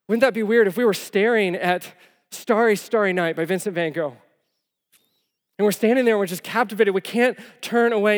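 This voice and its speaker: Animated pastor preaching in a hall. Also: male voice, high-pitched. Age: young adult to middle-aged, father of four. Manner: animated storytelling, swinging from loud to hushed. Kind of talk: sermon. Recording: long reverb of a large hall.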